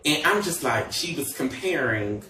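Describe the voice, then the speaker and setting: A man's voice: medium pitch, animated, normal speed, sharp tone, roomy sound, far from the mic, slight background noise. A man chatting casually on a livestream, sassy and gossipy, with many fillers and asides.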